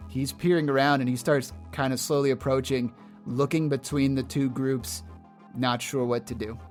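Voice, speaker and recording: A man narrating as game master of a tabletop game, relaxed and hesitant, with frequent fillers. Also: mid-range voice, moderate pace, soft background music.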